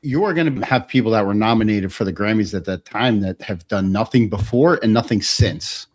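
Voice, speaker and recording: Male podcast co-host, low voice, blunt and wry. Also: fairly quick. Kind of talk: casual podcast banter.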